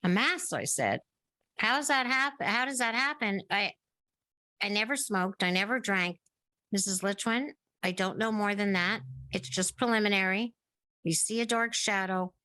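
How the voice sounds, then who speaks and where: A woman's voice: medium pitch, lively intonation, moderate pace, bright, forceful tone, no room sound. Middle-aged woman telling a long story. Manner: narrates at length, acting out remembered dialogue. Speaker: podcast guest. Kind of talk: casual interview storytelling.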